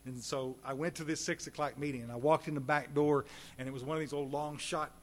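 A man's voice: a little high, fairly quick, a little hiss or hum. Folksy man telling his recovery story. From Texas. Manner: folksy and animated, addresses audience directly. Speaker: recovery speaker. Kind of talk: recovery meeting talk.

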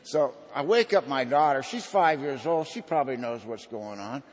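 A man's voice: mid-range voice, lively intonation, moderate pace, big-room sound, background noise. A man giving an earnest personal testimony at a recovery meeting, in a folksy storytelling manner.

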